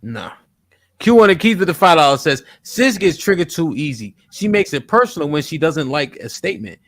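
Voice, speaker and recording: A man hosting a livestream talk show, reading donor messages aloud quickly and asking guests direct questions. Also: a little high, big pitch swings, a bit bright, no echo. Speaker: livestream host. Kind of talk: casual chat, reading super chats aloud. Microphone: studio microphone.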